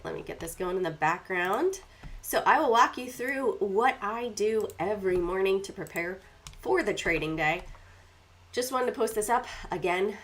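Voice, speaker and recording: A woman hosting a stock market livestream in a casual, chatty way, congested and often clearing her throat as she walks through her screen setup. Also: medium pitch, slight background noise.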